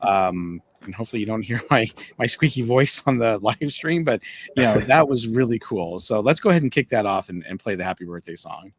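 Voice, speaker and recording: A man co-hosting a casual podcast chat, animated, jumping to a higher voice when acting out quotes. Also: a little fast, breathy edge. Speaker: podcast co-host.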